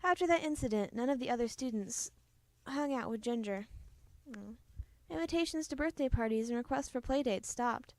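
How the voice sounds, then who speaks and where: A woman reading a children's book aloud in a gentle, expressive storytelling manner. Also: a little high, moderate pace. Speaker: storybook reader.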